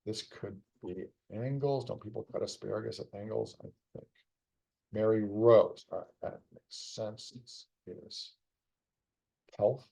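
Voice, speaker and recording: Here the same kind of speaker appears: a middle-aged man, tired and yawning, muttering casual live-stream commentary as he works a puzzle and pokes fun at its setter. He sounds fairly low and a little slow, creaky and husky, with a warm tone.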